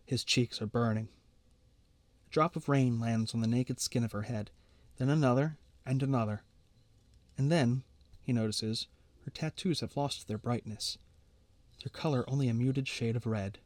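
A man reading fiction aloud in a measured, quiet narrating manner. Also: medium pitch, no room sound. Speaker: storyteller.

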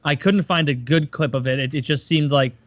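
A man with a somewhat higher voice chatting and joking loosely, peppering his talk with fillers. The sound is dry and close, with a slightly dull, lo-fi tone. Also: a little fast, a bit bright, no echo. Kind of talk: casual chat.

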